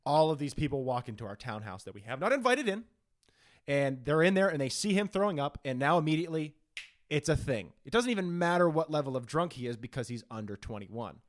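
A young man tells a long story on a podcast, his voice swinging widely up and down. His pitch sits a little high for a man. He jumps into quoted voices as he goes. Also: brisk. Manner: animated, acts out quotes in changing voices. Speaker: podcast host. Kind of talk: casual storytelling chat.

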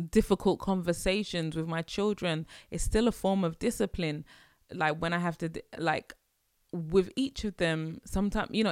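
Low-voiced woman musing on parenting. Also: clear, resonant tone, no room sound, studio quality. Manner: chatty, rambling, laughs often. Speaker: podcast host. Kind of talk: casual monologue.

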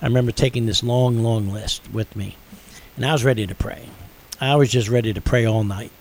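A man's voice: medium pitch, steady tone, brisk, darkish tone, slight background noise, low-quality recording. Earnest man telling his faith story. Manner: earnest storytelling, building intensity. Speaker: radio show host. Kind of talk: personal testimony on radio.

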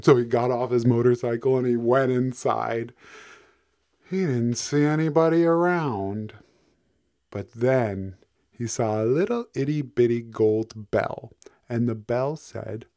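A man improvising a bedtime story, relaxed and playful, with sound effects and repetition. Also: mid-range voice, slow pace, long pauses.

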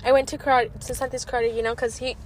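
A woman's voice: fairly high pitch, flat delivery, quick pace, crowd noise. A young woman in a car chatting with a friend, swearing and drawling her complaints. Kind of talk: casual chat. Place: inside a car.

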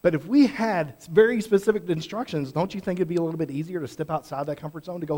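Male pastor, sermon, slightly high voice, conversational, animated delivery. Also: fast talker, hardly any pauses. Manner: conversational, animated preaching with acted-out quotes.

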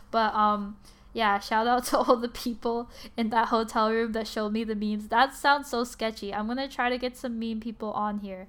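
A woman's voice: medium pitch, a bit bright, clean tone. Tired young woman rambling on a podcast. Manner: rambling, lots of likes and restarts, quick to apologize. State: sleepy and tired. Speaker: podcast host. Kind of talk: casual solo podcast ramble.

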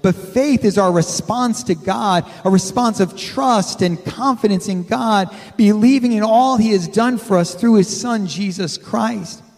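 Male pastor, high voice, chatty sermon delivery with amen prompts, long church reverb. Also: a little slow, hardly any pauses, a little mellow. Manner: conversational preaching, asks the congregation for amens. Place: church sanctuary.

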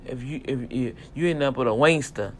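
A man with a mid-range voice talks fairly quickly over a faint hiss or hum. He's a vlogger and self-publisher giving a casual, preachy rant straight to the camera, emphatic and folksy, urging his viewers toward God.

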